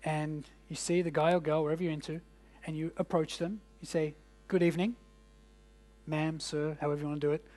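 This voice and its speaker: A man's voice: high voice, darkish tone. A man coaching a live audience of business owners in a casual, jokey way, asking the room questions. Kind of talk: workshop presentation to a live audience. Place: indoor event room.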